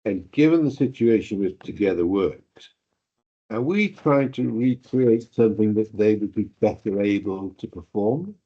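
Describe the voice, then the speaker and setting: A man's voice: on the low side, moderate pace, mellow, breathy edge. A man with a Welsh accent, a councillor raising questions in a hesitant way at a council meeting. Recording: dull lo-fi meeting room recording.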